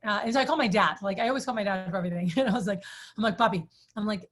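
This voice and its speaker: A woman in her thirties, chatty and animated, telling a personal story to a group, with many "like"s. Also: fairly high pitch, fast talker. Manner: chatty, animated, says "like" often. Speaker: sales trainer.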